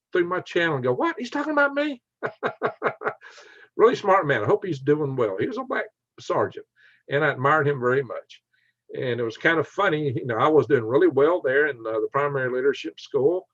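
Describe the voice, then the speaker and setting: A man's voice: medium pitch, a bit bright, no echo, muffled recording. An older man hosting a casual livestream, chatting in a rambling way with many fillers and restarts. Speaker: livestream host.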